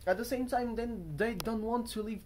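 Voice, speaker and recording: His voice is very high-pitched and a little mellow, moving at a normal speed with a little hiss or hum. The young vlogger talks to camera from a hotel room in a loose, rambling way, chatting, mocking himself and going off on tangents.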